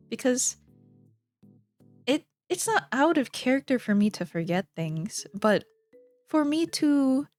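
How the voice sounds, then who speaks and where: A woman's voice: a little high, a little mellow, no room sound. A young woman streamer chatting casually with her viewers, rambling, giggling and trailing off mid-sentence. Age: young adult.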